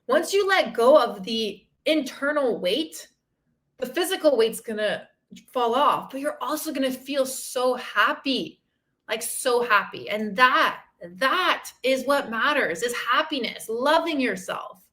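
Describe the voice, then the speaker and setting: On her solo podcast, a fitness and mindset coach in her thirties speaks openly to listeners in a high, bright, forceful voice at a measured pace. She's candid and emotional, steadily encouraging, and drops the occasional swear word. She lives outside the country she comes from.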